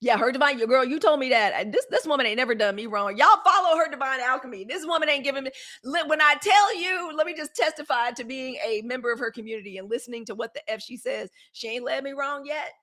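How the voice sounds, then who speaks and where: A woman's voice: high-pitched, expressive, quick pace, hardly any pauses, pushed and bright. A woman, hosting a live news show in a dramatic, testifying way. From Mississippi, US. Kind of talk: casual livestream chat.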